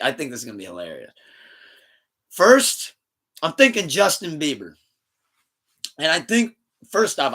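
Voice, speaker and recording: Animated, bright-voiced male podcast host. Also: medium pitch. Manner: animated, laughing storyteller who swears often. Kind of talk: casual podcast chat.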